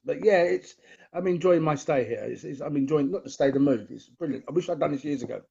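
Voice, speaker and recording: A man's voice: on the high side, quick pace, vocal fry, dark tone, breathy edge, highs cut off. A man with an East London accent, a guest on a video call, talking earnestly and in a friendly way. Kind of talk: casual interview chat.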